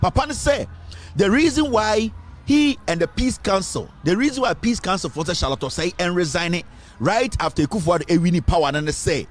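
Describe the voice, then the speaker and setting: In a high voice, a little fast, a man with a Ghanaian accent delivers political commentary as host of an online news show. He repeats phrases for emphasis and shifts between English and Twi.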